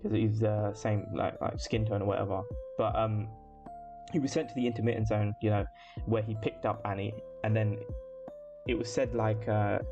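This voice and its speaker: A man's voice: on the low side, fairly even intonation, normal speed. A man co-hosting a casual chat breaking down an anime episode, rambling with fillers and swearing. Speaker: podcast co-host. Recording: lo-fi with music behind.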